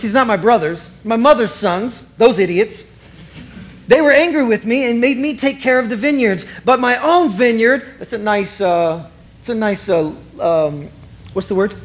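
A middle-aged man preaching in an animated, conversational way, acting out both sides of the dialogue he retells. His voice sits high for a man. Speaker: pastor. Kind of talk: sermon.

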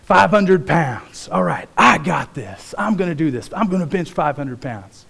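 A man voicing a boastful, giant, muscle-bound strongman who speaks in a put-on accent with a slow drawl. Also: sits high, sing-song, vocal fry, pitched above the performer's own voice, exaggerated voice. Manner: loud boastful declarations.

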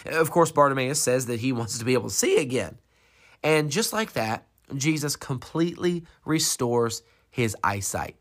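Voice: medium pitch, sing-song, normal speed, fairly bright tone. A preacher giving a sermon, retelling a Bible story with rhetorical questions and dramatic emphasis.

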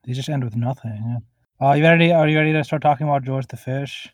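A laid-back man rambling through a podcast chat, full of likes and uhs. His voice sits at an ordinary middle pitch and sounds dead dry, tucked into a closet in a house and sent over a remote call. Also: fast, no echo, rough recording. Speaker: podcast co-host. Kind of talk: casual review chat. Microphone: remote call recording.

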